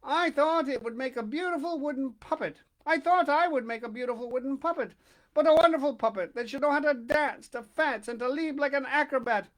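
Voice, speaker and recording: A man's voice: very high-pitched, voice pushed up. A man playing a fiery little old puppet maker. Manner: loud, hot-tempered and indignant.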